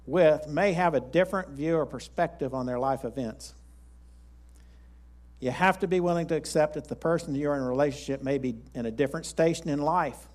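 Folksy preacher man. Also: fairly high pitch. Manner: folksy, rambling with restarts. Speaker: pastor. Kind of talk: sermon with storytelling.

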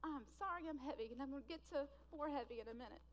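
A woman preaching a sermon, swinging from loud emphatic bursts to hushed, slow, drawn-out lines. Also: high-pitched, lo-fi sound.

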